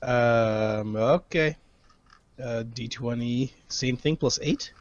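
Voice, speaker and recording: A man's voice: medium pitch, slow pace, no echo, lo-fi sound. A man playing in a tabletop game, talking unhurriedly and hesitantly. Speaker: player. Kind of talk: casual tabletop game chat.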